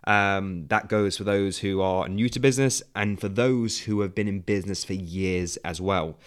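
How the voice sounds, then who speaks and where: A man's voice: low-pitched, normal speed, clear, resonant tone. A man hosting a solo business podcast, talking conversationally with frequent fillers and "okay?" check-ins. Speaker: podcast host.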